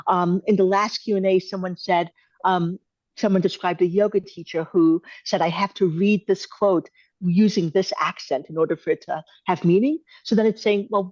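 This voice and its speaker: A woman hosts a live Q and A over a video call. She coaches in a measured, thoughtful and gently encouraging way. The sound is dry and a little dull. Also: on the low side, no echo. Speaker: host answering viewer questions.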